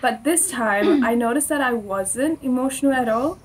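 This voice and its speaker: A young woman with an Australian accent and a slightly husky, higher voice, chatting casually on a podcast. She tells personal stories about her faith in a relaxed, talkative way and laughs often. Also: normal speed, rough recording. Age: young adult. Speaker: podcast co-host.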